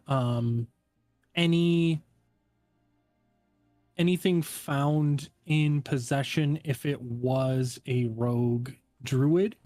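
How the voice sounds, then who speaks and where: A man acting as game master, explaining a contract to the players in a relaxed, halting way with many fillers. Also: mid-range voice, no echo. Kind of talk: narrating a tabletop game.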